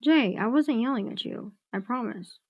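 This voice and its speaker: A woman on a home livestream rants angrily with heavy swearing, pausing to reassure someone beside her who is off-mic. Her voice is on the high side with a breathy edge, at normal speed, and the audio is dull with no room sound.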